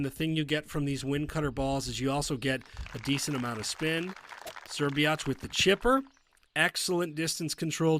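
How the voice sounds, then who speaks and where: A man commentating a golf video game tournament, chatty and excitable, breaking into loud outbursts at big shots. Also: on the high side, slight background noise. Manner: chatty, personal asides.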